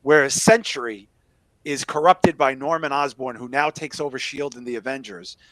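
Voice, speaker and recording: A middle-aged man with a Chicago accent hosting a podcast, talking movies in a jokey, animated, crude way. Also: mid-range voice, normal speed, no echo. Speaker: podcast host. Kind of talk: casual movie chat.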